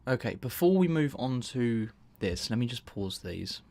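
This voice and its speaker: Gravelly and a little mellow, this man's medium-pitched voice has a sing-song lilt at a moderate pace. He's hosting a laid-back live stream, wandering off topic, breaking off mid-sentence, and laughing frequently.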